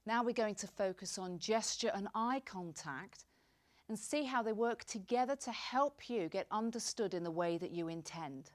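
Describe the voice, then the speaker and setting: A woman gives a clear instructional talk to camera on presentation skills. She acts out short examples as she goes. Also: medium pitch, normal speed.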